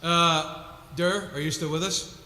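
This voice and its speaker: A man's voice: a little high, steady tone, measured pace, pushed and bright, echoey room, in a large hall. A man hosting a live music stream, chatting casually between songs in a chatty, self-mocking way.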